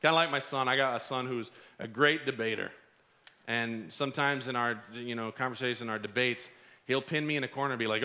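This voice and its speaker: A middle-aged man preaching a sermon, lively, acting out the voices of the people in the story. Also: mid-range voice, brisk. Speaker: pastor.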